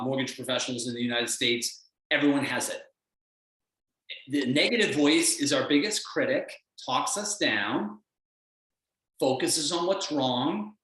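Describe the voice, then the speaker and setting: A man's voice: a little high, fairly bright tone, recorded from a distance. A man coaching with blunt, emphatic energy, pushing his listeners hard. His voice rings around a very echoey room. He sits well back from the microphone. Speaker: performance coach. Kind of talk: motivational talk on a call.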